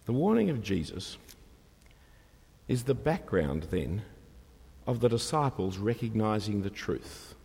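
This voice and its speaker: A man delivers a sermon with a husky, gravelly voice that swings widely in pitch. He presses his points with rhetorical questions to the congregation. The sound carries the long reverb of a large church. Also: very animated, a little slow, long pauses, darkish tone. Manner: rhetorical, emphatic, asks questions of the listeners. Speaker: preacher.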